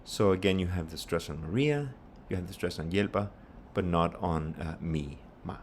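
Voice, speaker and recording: Male language teacher, very low pitch, patient and explanatory, models phrases slowly. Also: slight background noise. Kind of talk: pronunciation lesson.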